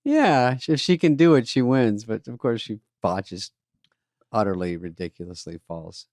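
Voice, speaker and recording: A man co-hosting a podcast in casual comedic chat, with deadpan wisecracks. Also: lowish voice, normal speed, dry recording. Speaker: podcast co-host.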